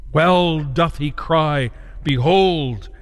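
A man preaching a sermon with dramatic force, his fairly high voice dropping into slow, solemn phrases and then rushing ahead with urgency. The sound carries a long reverb, as if filling a large hall. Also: lively intonation, fairly bright tone.

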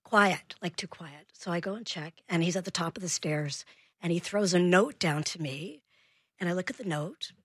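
A woman, a parenting expert, telling an animated story as a guest in a radio interview, acting out the voices in it. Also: on the low side, moderate pace, husky, no echo, studio quality. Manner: animated, acts out dialogue in her story.

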